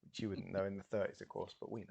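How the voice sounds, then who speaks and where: A man's voice: low-pitched, level tone, fast talker, gravelly, a little mellow, dull audio, a little hiss or hum. A man narrating a tabletop role-playing game as game master, hesitant with fillers.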